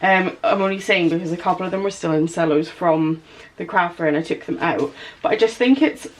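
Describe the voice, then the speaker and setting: A woman in her thirties chatting through a casual vlog as a small business owner, gushing and excitable with chatty asides. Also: fairly low pitch, a little fast. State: out of breath in places. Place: home studio office.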